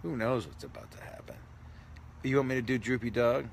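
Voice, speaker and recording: Brief: male comedian hosting a casual live stream, lively pitch, joking and self-mocking, faint background hiss. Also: a little fast, creaky. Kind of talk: casual live-stream chat reading comments.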